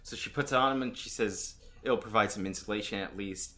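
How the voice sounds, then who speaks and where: A man's voice: fairly low pitch, a little fast, bright, forceful tone. A man co-hosting a podcast, narrating a comic book plot step by step, with fillers and quoted lines. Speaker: podcast co-host. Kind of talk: casual comic book discussion.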